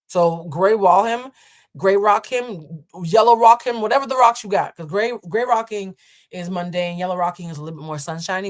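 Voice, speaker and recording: A woman hosting a live tarot reading, chatting with viewers in a sassy, playful way. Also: lowish voice. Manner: sassy, playful and chatty, calls listeners "child". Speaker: tarot card reader hosting a live stream. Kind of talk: casual live-stream tarot reading, answering chat.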